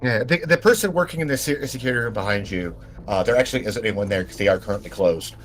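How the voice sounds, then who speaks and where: A man's voice: on the low side, quick pace, a bit bright. Guy running a tabletop game, rambly w lots of uhs, faint music in back. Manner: rambling, many fillers and restarts. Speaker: game master. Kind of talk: narrating a tabletop role-playing game.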